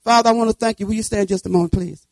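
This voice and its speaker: A woman in her seventies preaching, telling a folksy personal story and breaking into fervent shouts of praise. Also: medium pitch, steady tone, rapid-fire, dry recording, rough recording. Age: 70s. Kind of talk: sermon testimony and prayer.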